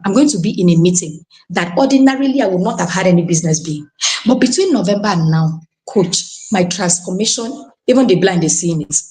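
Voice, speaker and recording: A woman from Nigeria with a Nigerian accent, giving an animated, exclamatory testimony as a guest on a live stream. She keeps calling out to her coach and slips into pidgin phrases. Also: medium pitch. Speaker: podcast guest sharing a testimony.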